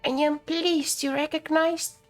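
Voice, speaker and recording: A wretched female spirit-lord in filthy rags speaks in a thin, raised rasp, as a woman reads her lines aloud. She talks slowly and solemnly, with faint music somewhere behind. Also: sits high, little pitch movement, voice pushed up. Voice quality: rasping.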